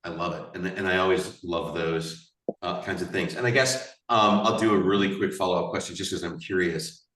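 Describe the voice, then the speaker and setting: A man with a very deep voice hosts a panel, musing aloud with restarts. He sits back from his mic in a roomy space, and his video-call audio echoes. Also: moderate pace, far from the mic. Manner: relaxed, rambling with restarts. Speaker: panel host. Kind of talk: casual panel hosting.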